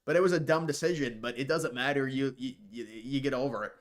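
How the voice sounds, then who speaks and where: A fast-talking man with a mid-range voice hosts a live stream, reading and answering viewer questions in casual chat. He rambles and repeats words when starting sentences, tossing in scornful, mocking asides.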